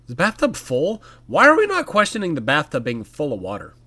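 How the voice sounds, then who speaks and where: A man talks through a horror game as he plays, riffing and joking at what he sees. His voice is bright and lively, jumping up and down in pitch. It has the easy sound of a relaxed gaming video. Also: brisk. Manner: chatty, jokey, talks to the game. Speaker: gaming YouTuber. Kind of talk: casual let's-play commentary.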